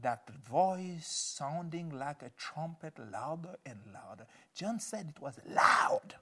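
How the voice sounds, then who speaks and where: A man delivering a sermon from the pulpit, earnest and deliberate. His voice sits a little high for a man. He swells to loud emphasis and then sinks almost to a hush. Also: lively intonation, husky. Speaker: pastor.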